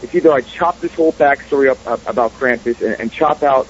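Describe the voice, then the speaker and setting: Ny accent guy, animated, cursing a lot, kinda faint background hiss. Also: medium pitch, quick pace. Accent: New York area. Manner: animated, profane, streetwise. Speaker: filmmaker guest. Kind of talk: casual storytelling interview. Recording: dull radio audio.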